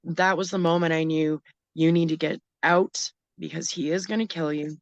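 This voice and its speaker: Her voice sits low with fairly even intonation as this middle-aged woman, a guest in an interview, recounts something frightening that happened to her. She is emotional and halting, frequently starting sentences over, and there's no echo.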